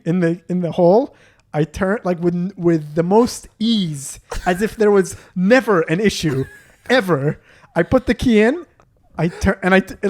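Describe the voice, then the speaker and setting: A young man co-hosts a casual podcast chat, his voice sitting a little high. He tells stories with energy, slipping into the voices of the people in them and swearing now and then. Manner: animated, acts out quotes, swears. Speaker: podcast co-host.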